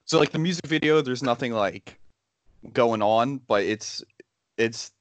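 Slow, laid-back young man. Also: medium pitch, no room sound. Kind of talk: casual chat.

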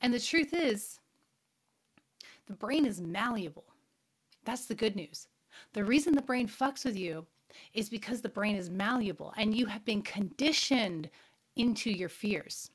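A woman's voice: medium pitch, lively intonation, a little slow, pauses often, breathy edge. A middle-aged woman hosting a spirituality show, telling a personal story in a candid, frank way, swearing casually and putting questions to her audience.

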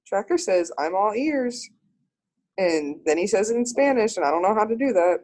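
A young woman in casual group chat, animated and laughing often. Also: mid-range voice, fast talker, poor audio.

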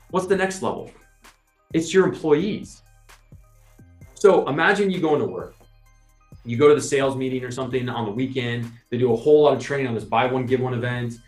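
A man co-hosting a podcast, explaining his point in a lively, persuasive way and often adding "right?". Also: medium pitch. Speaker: podcast co-host. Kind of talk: casual conversational explaining. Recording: roomy sound with faint music.

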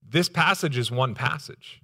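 A man's voice: mid-range voice, lively intonation, measured pace, pushed and bright, breathy edge. A male pastor preaching a sermon, voice rising with emphasis when he acts out quotes.

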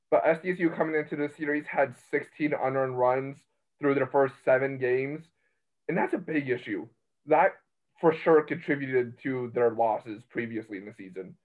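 A man hosting a casual sports podcast. He rambles in an excitable way and keeps cutting into his own sentences. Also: mid-range voice. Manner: rambling, excitable, self-interrupting. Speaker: college baseball podcast host. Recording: tinny phone-line sound.

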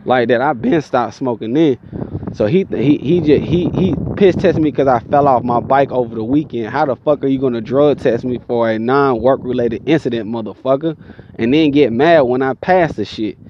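A tired young man telling a profane, animated story in casual talk, inside a vehicle. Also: medium pitch, normal speed, dull audio, a little hiss or hum. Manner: profane, animated, mimics people in his stories.

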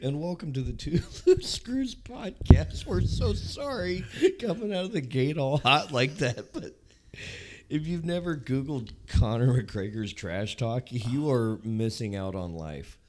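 Podcast co-host, man with a cold, raspy and lisping, mid pitch, joking chatter over faint background noise. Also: unhurried. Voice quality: raspy, slight lisp. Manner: laughs often, animated and joking. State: has a cold. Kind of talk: casual chat.

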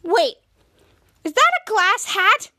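A woman voicing a loud, excitable teenage girl who asks shrill, incredulous questions. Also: slow pace, full character voice.

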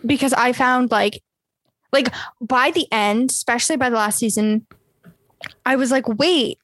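A young woman co-hosting a podcast, chatting casually with lots of fillers and quick laughs. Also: a little high, a bit bright, dry recording. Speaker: podcast co-host. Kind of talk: casual chat.

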